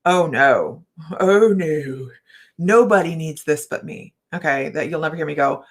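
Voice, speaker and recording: A woman's voice: low-pitched, a little slow. Chatty laughing woman host. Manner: rambling storyteller, laughs often. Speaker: psychic and certified hypnotist. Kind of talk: casual livestream chat.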